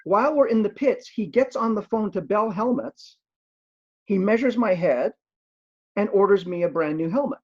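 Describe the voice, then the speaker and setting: A man telling anecdotes in an animated way, with quick asides, in a casual conversation. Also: sits high, highs cut off.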